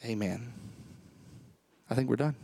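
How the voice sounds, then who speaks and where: A man preaching a sermon full of personal stories, animated and rising in pitch as he tells them. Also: unhurried, creaky, breathy edge, no echo. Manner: animated storytelling, rising pitch when excited.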